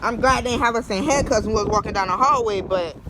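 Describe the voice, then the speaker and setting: A man's voice: sits high, fast talker, heavy background noise. A man telling a personal story in a casual, slangy, rambling way. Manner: slangy, rambling, animated retelling with acted quotes.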